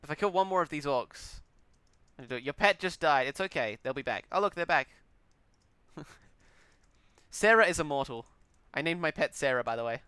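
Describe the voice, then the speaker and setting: Young male game host, bright clear voice, playful banter, dry close sound. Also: fairly high pitch, lively intonation, moderate pace, pauses often, no room sound. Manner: playful, dramatic outbursts, laughs often. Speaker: gaming channel host. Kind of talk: casual gameplay chat.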